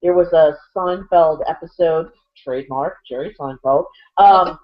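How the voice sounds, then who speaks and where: Female co-host, casual sports banter, rambling, lower register. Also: unhurried. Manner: chatty, rambling, lots of fillers and restarts. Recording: dull lo-fi audio.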